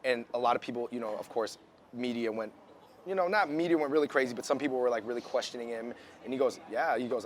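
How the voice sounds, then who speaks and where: A man's voice: medium pitch, fast, a little hiss or hum. A man chatting loosely in a casual interview, with many likes and restarts, recorded outside.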